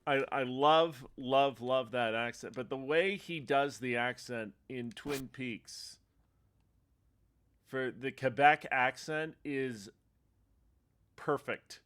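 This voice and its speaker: A chatty male streamer rambling casually over gameplay, his voice sitting at an ordinary middle pitch. He laughs often and drifts from thought to thought. A faint hiss of background noise lies under the talk. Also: slow, a bit bright. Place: home streaming setup.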